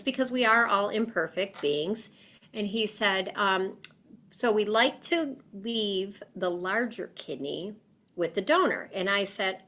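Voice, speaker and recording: A woman talks through a personal story as an interview guest. Her voice is bright and forward, and she leans on fillers. She animates her account by acting out the quoted voices. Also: medium pitch, lively intonation, unhurried.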